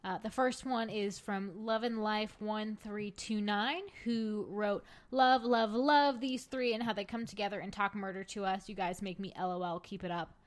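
A woman co-hosting a casual podcast, upbeat and quick to laugh as she reads listener comments. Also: medium pitch, steady tone. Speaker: podcast co-host. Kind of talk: casual chat.

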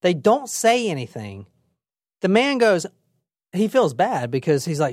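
A young adult woman hosting a casual true crime podcast, telling the story in a lively, chatty way with swearing and acted-out quotes. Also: lowish voice, unhurried, no echo, studio quality. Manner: lively, swearing, laughs often, acts out quotes. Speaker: podcast host.

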